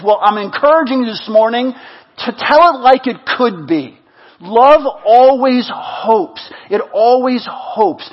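A male pastor preaching a sermon, swinging between loud exhortation and hushed, intimate repetition. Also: extremely high pitch, dull audio.

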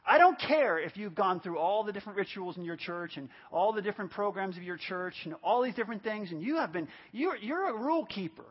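Male pastor, 50s, high voice, emphatic repetitive preaching, dull lo-fi church recording. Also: expressive, fairly quick, few pauses, husky. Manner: emphatic, repeats phrases for stress. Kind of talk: sermon. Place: church service.

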